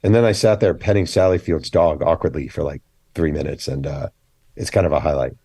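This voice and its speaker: Male author guest, low register, dry mic; animated, opinionated storyteller. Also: a little fast, husky, dry recording. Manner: animated storyteller acting out quoted dialogue; blunt, opinionated. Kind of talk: casual podcast interview.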